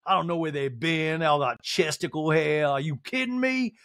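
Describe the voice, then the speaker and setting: A man's voice: fairly high pitch, expressive, moderate pace, a bit bright, no room sound, clean studio sound. A man doing a mocking impression of an indignant, prissy society woman who shrieks and repeats herself. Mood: scornful.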